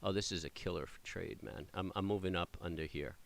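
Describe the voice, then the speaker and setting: A man's voice: deep voice, a little fast, gravelly. A man talking through his live trades in a loose, rambling way, with many fillers and restarts and bursts of cheering at the chart. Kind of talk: casual live trading commentary.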